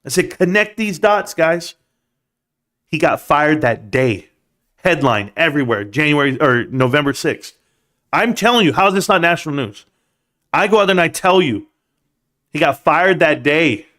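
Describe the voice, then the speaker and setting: A man's voice: on the high side, expressive, moderate pace, sharp tone. Emphatic man ranting about stocks. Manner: emphatic, rambling, rhetorical questions. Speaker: livestream host. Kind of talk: casual stock-market rant.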